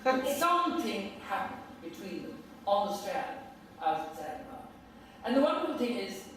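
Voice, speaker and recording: Older man addressing an audience, animated, recorded from afar in a reverberant chamber. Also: high-pitched, slight background noise. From Ireland. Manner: theatrical, animated storytelling. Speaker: senator giving a speech. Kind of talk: public address with anecdotes. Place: council chamber. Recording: echoey chamber, mic far off.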